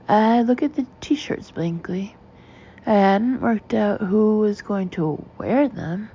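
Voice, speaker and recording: Mellow woman reading an audiobook. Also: medium pitch, slow pace, breathy edge, highs cut off. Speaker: audiobook narrator. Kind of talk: first-person audiobook narration.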